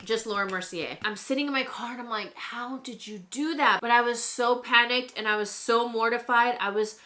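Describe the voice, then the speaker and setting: A woman's voice: a little high, moderate pace. A young woman telling a story in a chatty way, with many fillers, while she does her makeup at home. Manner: chatty and animated, with lots of "like" fillers. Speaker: beauty vlogger.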